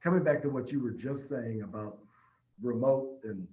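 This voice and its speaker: Male dealership manager, podcast guest, animated storyteller; dull remote-call audio. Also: medium pitch, moderate pace, reverberant. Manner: storytelling, energetic, with frequent restarts. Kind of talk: casual podcast conversation.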